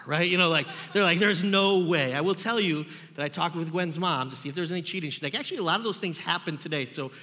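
A young man leads a youth group Bible lesson with a high, ringing, bright voice. He tells funny stories and teases the kids as he teaches. The sound carries a long reverb from the room. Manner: jokey, animated storytelling with asides to the kids. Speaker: youth pastor.

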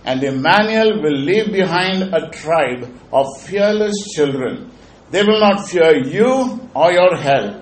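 A man's voice: a little high, expressive, slow pace, reverberant, low-quality recording. A male preacher voicing a loving, commanding male God the Father while reading a story aloud. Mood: resolute.

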